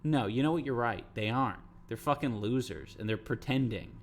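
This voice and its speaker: Talking fairly quickly in a medium-pitched voice, a streamer rambles through casual chat with his viewers. He swears freely and responds to what chat is saying.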